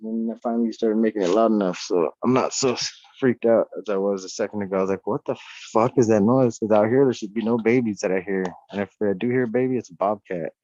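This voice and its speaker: Profane, excitable male guest, slightly low voice, muffled remote-call audio. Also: fast talker, no echo. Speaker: podcast guest. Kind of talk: casual chat. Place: off-grid homestead at night.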